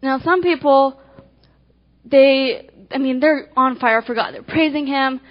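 Woman, high voice, animated devotional speaker acting out illustrations; muffled lo-fi recording. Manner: animated storytelling, swinging between quick and slow emphasis. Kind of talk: devotional talk with acted illustrations. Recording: dull lo-fi recording.

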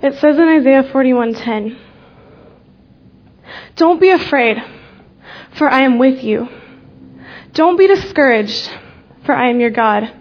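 A young woman giving an earnest personal faith testimony, speaking slowly with deliberate pauses and letting key words drop soft. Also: high voice, lively intonation, lo-fi sound.

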